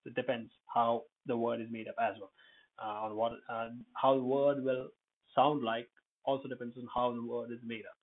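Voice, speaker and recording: A man teaching English pronunciation, repeating each word slowly and spelling out its letters. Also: mid-range voice, level tone, narrow, tinny audio. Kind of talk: pronunciation lesson.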